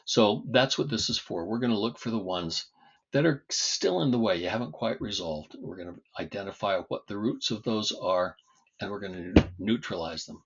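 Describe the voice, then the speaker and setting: A man working as a trauma coach, calmly guiding a breathing exercise with slow counting and then explaining his coaching work. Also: on the low side, lo-fi sound, a little hiss or hum. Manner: calm, slow counting guidance.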